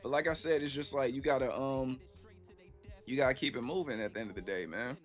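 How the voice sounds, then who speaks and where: A man's voice: mid-range voice, fairly quick, faint music behind. A man streaming from home in a casual, reflective chat, often saying "you know what I'm saying" and answering his chat.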